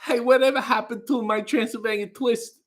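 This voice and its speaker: A man's voice: extremely high pitch, measured pace, fairly bright tone, voice pushed up. A man putting on a spooky, crooning mad scientist voice, half singing novelty horror lyrics.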